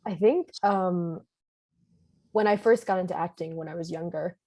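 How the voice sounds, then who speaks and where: A young actress chatting in a relaxed, hesitant way as a podcast guest, using lots of fillers and laughing easily. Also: female voice, fairly low pitch, moderate pace. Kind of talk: casual interview.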